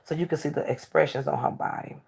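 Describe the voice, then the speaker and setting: A woman talk show host telling stories in casual chat, blunt and candid, swinging between animated outbursts and hushed asides. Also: low voice, fast, vocal fry, husky.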